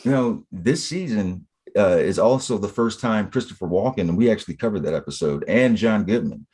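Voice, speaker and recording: Low-voiced, laid-back podcast host. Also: male voice, expressive, fairly quick, warm tone, slightly rough. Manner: laid-back, recapping with fillers like "man" and "uh". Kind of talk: casual chat.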